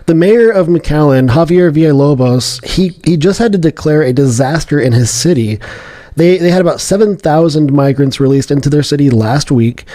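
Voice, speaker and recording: Guy cohosting a news podcast, kinda high voice but mellow, lots of um and restarts. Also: moderate pace. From Texas. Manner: chatty, many fillers and restarts. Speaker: podcast co-host. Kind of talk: casual news chat.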